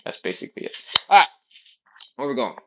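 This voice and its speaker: A man's voice: a little fast, muffled recording. A man leading a live-streamed stretching class, explaining moves casually and often checking in with "all right?" while he exercises on the floor. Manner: cues exercises while doing them on the floor. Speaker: fitness instructor.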